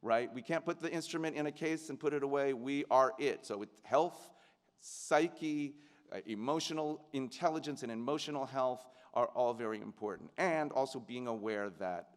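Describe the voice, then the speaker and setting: A middle-aged man addresses graduates in an earnest, searching way, circling back and restarting his thoughts. His voice sits at an ordinary middle pitch. The sound carries the long reverb of a large hall. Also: moderate pace. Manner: earnest, reflective, with many restarts and fillers. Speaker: commencement keynote speaker. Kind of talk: speech to graduates. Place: large ceremony venue.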